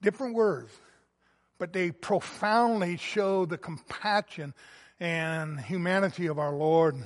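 Slow, high-voiced preaching man. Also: long reverb tail. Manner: earnest preaching, swelling loud then dropping quiet. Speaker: pastor. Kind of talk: sermon.

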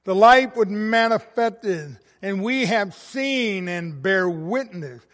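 A man preaching a sermon, reading scripture and stressing words with rising passion, swinging between soft and loud. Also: high voice, lively intonation, slow pace. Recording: long reverb of a hall.

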